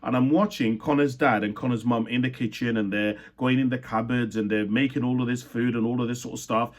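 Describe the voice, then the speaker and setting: A man's voice: medium pitch, steady tone, brisk. A young man born in Uganda telling a personal story in an earnest, reflective way, often stopping to correct himself mid-sentence. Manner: earnest, reflective, with frequent restarts and self-corrections. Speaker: speaker sharing his life story.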